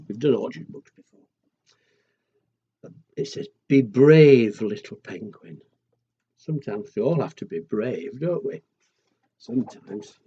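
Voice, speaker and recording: Slow, gentle storyteller man. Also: mid-range voice, breathy edge. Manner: gentle and chatty, asks the children questions. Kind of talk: children's picture-book reading. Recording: dull lo-fi recording.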